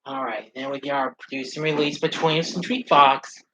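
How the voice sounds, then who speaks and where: A man chatting casually on a live stream, rambling along with halting restarts and fillers. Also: mid-range voice, steady tone, pushed and bright, a little hiss or hum, poor audio.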